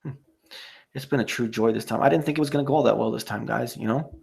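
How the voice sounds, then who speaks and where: Gravelly, rambling male stream host. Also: medium pitch, fast talker, darkish tone. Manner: rambling, profane, many "you know" fillers. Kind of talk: casual live stream sign-off, reading chat.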